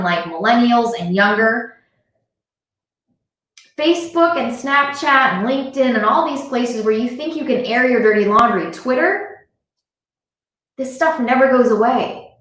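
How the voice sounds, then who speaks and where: A woman's voice: fairly high pitch, a bit bright. A woman giving an earnest motivational talk on a live stream, speaking straight to her viewers and repeating her points for emphasis. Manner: earnest, repetitive, direct address to viewers. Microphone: device camera on a live stream. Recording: very echoey room sound.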